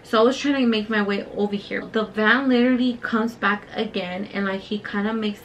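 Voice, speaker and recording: A woman's voice: mid-range voice, steady tone, a little fast, highs cut off, slight background noise. A young woman, telling a story in casual, profane, filler-heavy talk while doing her makeup on camera. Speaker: beauty vlogger.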